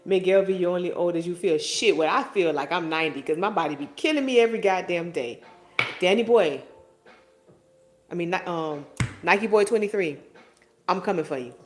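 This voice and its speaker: A woman in her forties talks casually on a live stream, answering her viewers one by one. She teases them playfully and swears freely, in a voice that sits on the low side. Soft music plays faintly underneath. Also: normal speed. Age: 40s. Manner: playful, teasing and profane. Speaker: live-stream host reading viewer comments.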